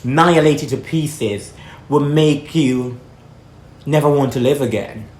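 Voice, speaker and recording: A woman's voice: rumbling low, unhurried, a little mellow. A young trans woman from Jamaica, vlogging in a blunt, outspoken casual monologue, swearing freely and talking while eating. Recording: echoey room.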